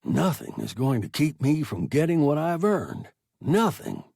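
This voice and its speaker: A man voicing a tough older male spaceship captain who speaks firmly while trying to sound soft. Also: medium pitch, huge pitch swings, measured pace, vocal fry, husky, no echo, studio quality, exaggerated voice. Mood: bitter.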